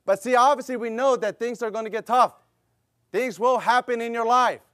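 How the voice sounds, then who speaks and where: A man's voice: very high voice, normal speed, a bit bright, no room sound, studio quality. A middle-aged man preaching a sermon with a fervent, repetitive cadence and rhetorical questions, mixing exhortation with a personal story. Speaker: pastor.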